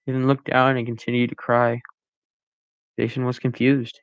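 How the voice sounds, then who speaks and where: A man reading his own story aloud, halting now and then with restarts and corrections. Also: mid-range voice, level tone, dry recording, muffled recording. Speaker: amateur story reader.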